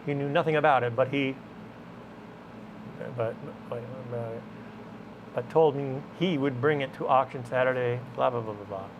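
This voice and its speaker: A man's voice: medium pitch, steady tone, unhurried, long pauses, muffled recording, background noise. A man vlogging from a guitar shop, talking casually and rambling with muttered asides. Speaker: vlogger restoring tools. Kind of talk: casual talk to camera while working.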